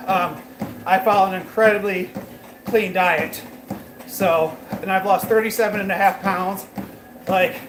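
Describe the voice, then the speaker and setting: A fitness livestreamer walks on a treadmill while chatting casually with his viewers, his high-pitched voice sounding roomy against background noise. He rambles loosely and uses lots of fillers as he works out.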